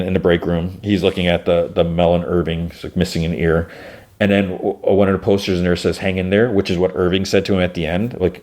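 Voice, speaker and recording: A man with a very low voice hosts a podcast and retells a show in a loose, rambling way. He fills his talk with fillers and restarts. When he quotes the characters, his pitch climbs. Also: darkish tone. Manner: loosely acts out characters' lines with rising pitch. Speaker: podcast host. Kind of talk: casual episode recap.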